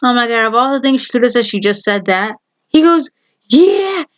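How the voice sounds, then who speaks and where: A woman's voice: fairly high pitch, fast talker, smooth. A young adult woman vlogging, telling a personal story in a casual, blunt way and acting out the other people's voices. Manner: animated, acts out quoted voices, blunt.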